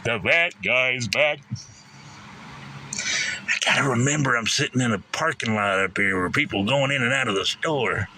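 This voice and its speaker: A man's voice: medium pitch, fairly quick, pushed and bright, slight background noise. A man chatting casually on a live stream from a parked car, joking, rambling and acting out little scenes. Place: parked car in a store parking lot.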